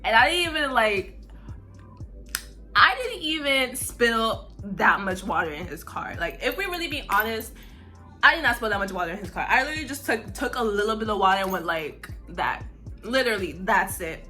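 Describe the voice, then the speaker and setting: A young woman telling a story in a casual, blunt way, full of "like" and swearing. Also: a little high. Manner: animated, heavy use of "like", blunt and profane. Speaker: vlogger.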